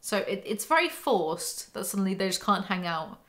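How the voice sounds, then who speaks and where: A young woman with a mid-pitched, everyday voice hosts a book breakdown vlog. She reads passages aloud and cuts in with sarcastic, exasperated remarks. She speaks close to the mic. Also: very animated, moderate pace, a bit bright. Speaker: book commentary host. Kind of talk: reading from a novel with sarcastic commentary.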